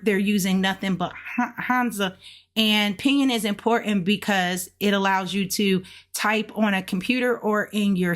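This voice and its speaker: A woman casually walking viewers through practice, speaking patiently and drawing out sounds as she models them. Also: medium pitch. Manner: slow, patient, drawn-out syllables when modeling sounds. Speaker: language learner teaching along. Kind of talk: casual lesson narration.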